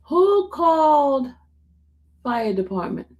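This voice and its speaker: A woman's voice: high voice, sing-song, slow, a little mellow, dull audio. A woman hosting a casual livestream, reading viewer comments aloud and chatting with her dog. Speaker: livestream host answering viewer questions. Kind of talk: casual live chat with viewers.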